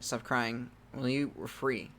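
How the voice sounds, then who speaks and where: A man reading a text adventure game aloud, breaking off into loud startled exclamations, with game music playing behind him. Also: medium pitch, steady tone, takes it slowly, slight background noise.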